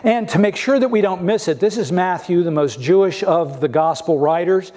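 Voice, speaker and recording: A man's voice: sits high, moderate pace, warm tone. Man preaching with emphatic rhetorical questions. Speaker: pastor. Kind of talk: sermon.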